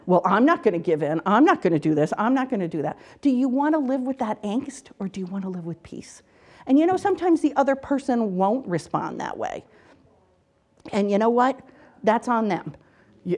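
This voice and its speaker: A woman's voice: fairly high pitch, a little mellow. Earnest middle-aged woman giving advice. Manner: earnest, repeats words, acts out quotes in dialogue. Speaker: author and counselor. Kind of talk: casual advice talk. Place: local TV studio interview.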